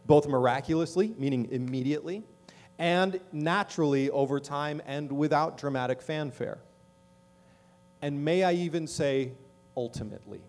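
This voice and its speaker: A man's voice: fairly high pitch, moderate pace, a little mellow, faint music behind. A middle-aged man preaching a sermon as pastor in a church, talking conversationally and often checking in with the congregation. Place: church sanctuary.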